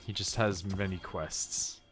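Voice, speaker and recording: A man streaming a video game, chatting casually, animated and laughing as he mimics characters. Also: deep voice, slow, faint music behind. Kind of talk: casual gameplay chat.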